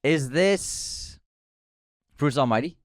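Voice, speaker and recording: A man co-hosting a podcast in easygoing casual chat, quick to exclaim when surprised. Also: fairly high pitch, lively intonation, no echo, clean studio sound. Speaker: podcast co-host.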